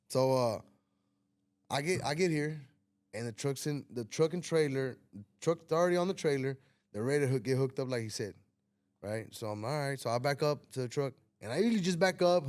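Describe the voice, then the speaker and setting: A man tells a story in a casual podcast chat. He acts out the dialogue with lively energy and swears freely. His voice sits at an ordinary middle pitch. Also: no room sound, studio quality. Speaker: podcast host telling a story.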